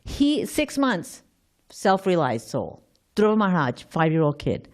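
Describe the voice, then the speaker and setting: A woman's voice: lowish voice, sing-song, a little slow. A woman giving an informal scripture class, thinking aloud, quizzing her listeners and often restarting her sentences.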